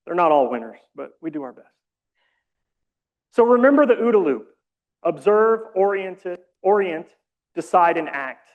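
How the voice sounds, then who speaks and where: A man leading a community training session, explaining calmly with casual, self-deprecating asides. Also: on the high side, normal speed, long pauses, narrow, tinny audio. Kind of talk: training presentation.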